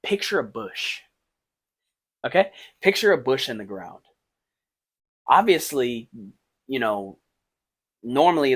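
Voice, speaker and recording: A man hosting a podcast, giving casual motivational advice and thinking aloud with many fillers, swinging between hushed and emphatic. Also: mid-range voice, slightly rough. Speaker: podcast host.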